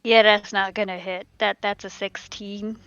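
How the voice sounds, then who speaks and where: A woman playing a tabletop game, talking in a relaxed, chatty way. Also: mid-range voice, a little slow, clean tone, no room sound, highs cut off, soft background music. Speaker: player. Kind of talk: casual tabletop game play.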